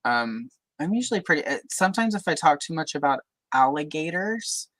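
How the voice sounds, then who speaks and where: A woman's voice: deep voice, very animated, a little fast, a bit bright, no room sound, low-quality recording. A woman from Louisiana hosting a casual livestream chat, talking in a chatty way with many fillers and careful, neutral speech. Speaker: host.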